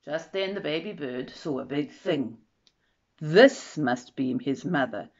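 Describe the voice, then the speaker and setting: A woman reading a children's storybook aloud in an expressive, measured way. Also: low-pitched. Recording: dull lo-fi recording.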